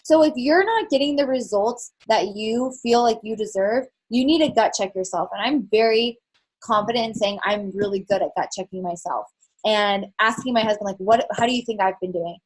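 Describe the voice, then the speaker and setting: A woman's voice: mid-range voice, moderate pace, slightly rough. A woman coaching her team on a call, talking frankly and casually with lots of fillers and the odd swear word. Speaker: network marketing fitness coach. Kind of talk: candid motivational team call talk.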